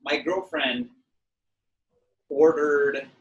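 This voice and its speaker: A man hosts a podcast in a loose, casual way, swearing now and then and laughing. His voice sits a bit high. The echoey room he is in comes through the video call. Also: steady tone, very slow, recorded from a distance, muffled recording. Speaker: podcast host.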